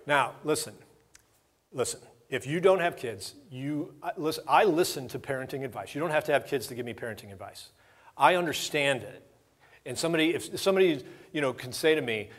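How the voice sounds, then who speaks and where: A man's voice: mid-range voice, expressive, moderate pace. A man preaching a sermon in a conversational, storytelling way, acting out the lines of the people in his stories. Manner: conversational storytelling with acted-out dialogue. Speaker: pastor.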